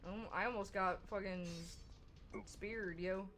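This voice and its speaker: A woman's voice: medium pitch, fairly even intonation, takes it slowly, crowd noise. Casual woman streamer, laughing as she tells stories. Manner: laughing storyteller, swears freely. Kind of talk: casual chat while gaming.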